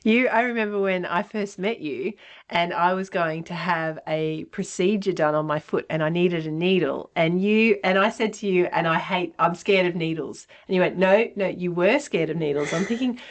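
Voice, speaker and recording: A woman's voice: fairly low pitch, moderate pace. Woman telling stories on a podcast. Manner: tells personal stories, laughs easily. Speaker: podcast co-host. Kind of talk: casual podcast chat.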